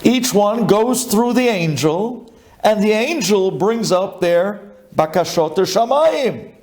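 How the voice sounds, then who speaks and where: A male rabbi giving a sermon and telling the story dramatically, with Hebrew and Yiddish terms in his English. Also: slow. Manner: animated storytelling with big swings in pitch and volume.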